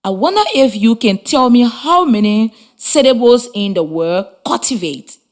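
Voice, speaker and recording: A woman teaching a children's reading lesson on the radio, giving slow, encouraging, clear instructions. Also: on the high side, animated. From Liberia.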